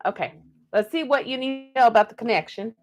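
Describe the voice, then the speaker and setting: A woman's voice: on the high side, fast, noisy background. A young woman from the Pacific Northwest doing a live-stream card reading, talking in a put-on Southern belle drawl and calling viewers darling.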